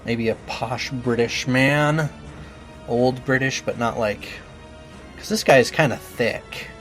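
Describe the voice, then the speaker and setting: A man's voice: mid-range voice, takes it slowly, fairly bright tone, faint music behind. A man playing a game and trying out character voices, chatting casually in a self-deprecating way.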